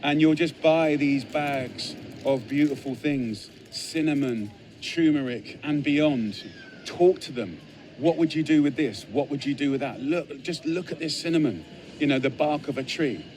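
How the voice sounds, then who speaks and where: A man's voice: a little high, measured pace, darkish tone, slight background noise. An English man, a chef, talking casually into a phone camera in a spice shop, enthusiastic and repeating his phrases for emphasis. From England.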